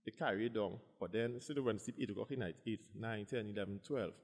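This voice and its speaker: A Trinidadian man, a bodybuilder guest, telling stories in an animated, casual way and acting out what others said. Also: lowish voice, fast, long reverb tail. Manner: animated, acts out quotes. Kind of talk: casual storytelling.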